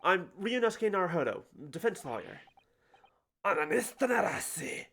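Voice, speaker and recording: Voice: mid-range voice, big pitch swings, normal speed, creaky, a bit bright, exaggerated voice. A streamer voicing a polite, flustered young male defense lawyer from a game.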